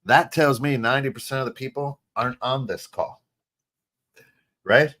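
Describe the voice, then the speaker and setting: A middle-aged American man co-hosting a podcast, talking in an animated, casual way, restarting phrases and often asking "right?". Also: mid-range voice, normal speed. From United States. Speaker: podcast co-host. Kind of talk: casual chat.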